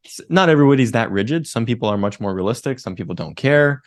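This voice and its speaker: A young man co-hosting a business podcast, explaining things step by step in a measured way and often checking in with "right?". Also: medium pitch, expressive. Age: young adult. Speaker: podcast co-host. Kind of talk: casual business podcast chat.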